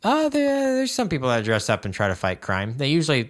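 A podcast co-host in casual chat, animated and quick to laugh. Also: medium pitch. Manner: giggly, animated, often laughing.

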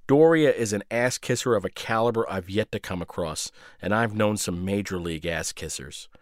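A male radio host reading his own short story in a sardonic, deadpan way. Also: fairly low pitch, normal speed, dry recording, studio quality.

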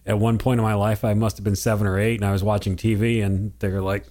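A man's voice: lowish voice, flat delivery, fast, few pauses, a little mellow. A man co-hosting a casual conversation, reflective and teacherly with some joking.

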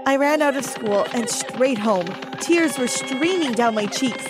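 A woman narrating a dramatic first-person story in an animated storytelling manner. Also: a little high, moderate pace, hardly any pauses, music in the background.

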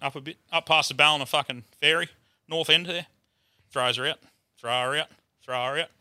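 A man's voice: fairly high pitch, fairly even intonation, fairly quick, pushed and bright, no echo, studio quality. An Australian man telling a rowdy story in casual chat, swearing freely and acting out the voices of the people in it. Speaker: guest.

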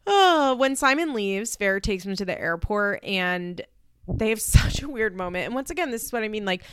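A woman giving a casual, opinionated recap, chatty with many fillers and acting out quotes in high voices. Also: lively intonation, moderate pace, a bit bright, smooth, no room sound, studio quality. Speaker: commentator recapping a reality show.

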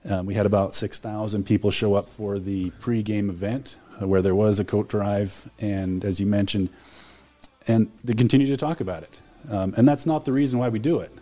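A man's voice: fairly low pitch, steady tone, brisk, warm tone. A man talking as a studio guest, telling stories with enthusiasm and frequent fillers. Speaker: alumni relations director, guest. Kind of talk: casual studio conversation. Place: radio studio.

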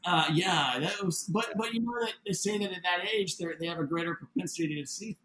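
A man telling a story in a casual interview, animated and acting out the voices of the people in it. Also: sits high, a little fast, echoey room, background noise. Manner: animated, acts out quoted dialogue. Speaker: interview guest, building owner.

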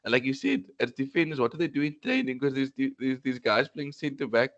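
A man's voice: mid-range voice, animated, fairly quick, a bit bright. A man in casual football chat, an emphatic, exasperated fan venting about his team. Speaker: football podcast co-host. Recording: dull lo-fi audio.

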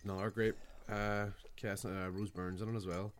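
A man's voice: fairly low pitch, level tone, moderate pace, a little hiss or hum. A man chatting casually about films, swearing and hesitating with frequent fillers. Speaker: podcast co-host. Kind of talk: casual chat.

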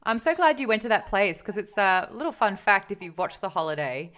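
A woman's voice: mid-range voice, very animated, a little fast, fairly bright tone. A young Australian woman chatting casually as a podcast co-host, laughing often as she acts out quotes in her stories. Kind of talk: casual chat.

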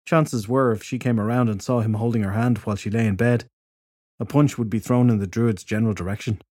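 A man narrating a fantasy audiobook in a steady, measured storytelling voice. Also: fairly low pitch, no room sound. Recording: dry close studio recording.

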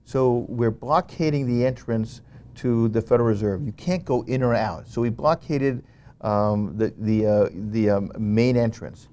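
Male guest, middle pitch, lively anecdote teller who often restarts his sentences. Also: unhurried. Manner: animated, frequent "you know" fillers and restarts. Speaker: interview guest. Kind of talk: conversational storytelling.

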